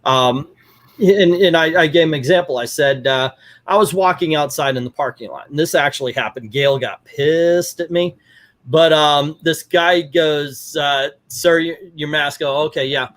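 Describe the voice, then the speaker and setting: A middle-aged man hosting a casual chat, telling stories with lively acted-out quotes. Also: on the high side, normal speed. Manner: animated storyteller, acts out quotes. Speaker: podcast host.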